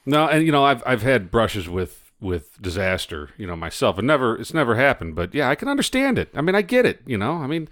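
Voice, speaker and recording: A man's voice: mid-range voice, sing-song, fairly quick, hardly any pauses, a bit bright, dry recording, clean studio sound. A man co-hosting a podcast, chatting casually and throwing in teasing, wry asides. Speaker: podcast co-host. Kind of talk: casual chat.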